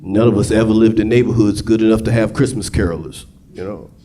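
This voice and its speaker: A male stand-up comedian doing a raunchy set on a club stage, profane and shouting his punchlines into a handheld mic. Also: on the low side, fairly even intonation, fast talker. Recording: live club with loud audience laughter.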